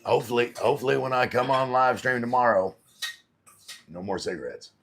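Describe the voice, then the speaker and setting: A man's voice: medium pitch, a little fast, gravelly, very noisy. A middle-aged man chatting casually on a live stream, reading viewers' messages aloud and answering them. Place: home in the Philippines.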